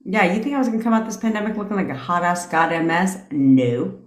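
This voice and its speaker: A woman's voice: fairly low pitch, expressive, fast, echoey room. A woman hosting a casual live stream as a manifestation coach, ranting in a brash, profane way and laughing through her tangents.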